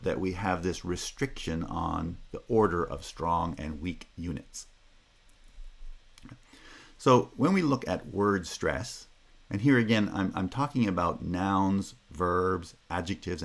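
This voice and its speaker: A man lecturing a university class in a very deep voice. He speaks slowly, one careful step at a time, and his intonation swings widely as he stresses key terms. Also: expressive, gravelly. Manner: measured and explanatory, with checking "Okay?" asides. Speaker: linguistics lecturer.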